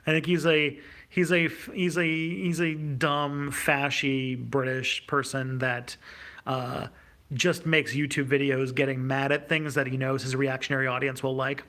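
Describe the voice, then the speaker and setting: Male streamer, gravelly voice, casual unscripted Q&A, hesitant and halting. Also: medium pitch, flat delivery, bright, forceful tone. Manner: hesitant, many fillers and restarts. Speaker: YouTube host. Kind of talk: livestream Q&A reading viewer questions.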